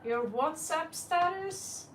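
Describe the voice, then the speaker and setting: A woman's voice: very high-pitched, lively intonation, slow, fairly bright tone, far from the mic, a little hiss or hum. Giggly woman tarot reader, echoey room. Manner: giggly, laughs often. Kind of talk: live-stream chat.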